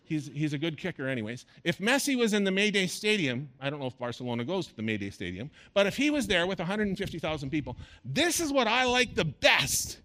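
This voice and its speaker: A man preaching a sermon to a congregation, animated and playful, with bursts of sports-commentator delivery. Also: on the high side, fast talker, few pauses. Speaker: pastor.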